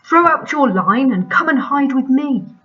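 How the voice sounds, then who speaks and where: A woman's voice: high-pitched, expressive, a little slow, bright, forceful tone, voice pushed up, full character voice. A woman doing an ancient mumbling spider. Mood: calm, kindly. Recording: muffled lo-fi recording.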